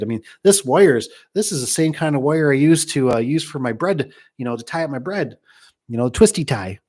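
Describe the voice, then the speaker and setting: A man's voice: mid-range voice, animated, moderate pace, a little mellow. Rambling, joking middle-aged man. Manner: rambling, joking, many restarts and asides. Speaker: garage door business owner. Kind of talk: casual storytelling to a live chat.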